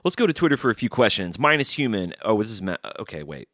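Very deep-voiced man hosting a podcast. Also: sing-song, fast talker, a bit bright, no room sound, studio quality. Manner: rambling, joking, swears casually. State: drinking beer while talking. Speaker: podcast host. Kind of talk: casual solo podcast chat.

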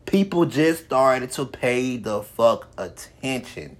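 A man's voice: mid-range voice, expressive, takes it slowly. A man hosting his own podcast, giving a profane, repetitive motivational monologue with heavy swearing. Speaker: podcast host.

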